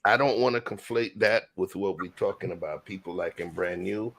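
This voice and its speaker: Gravelly-voiced man hosting a panel talk. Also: deep voice, fairly even intonation, normal speed, fairly bright tone. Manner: emphatic, explanatory, repeats words to make a point. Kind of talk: casual panel discussion.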